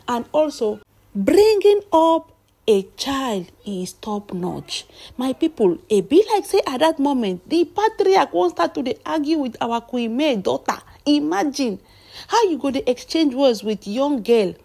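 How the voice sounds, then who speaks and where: A woman's voice: a little high, warm tone. Chatty Nigerian woman dishing gossip. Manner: chatty, addresses audience as "my people". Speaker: celebrity gossip vlogger. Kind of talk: gossip storytelling.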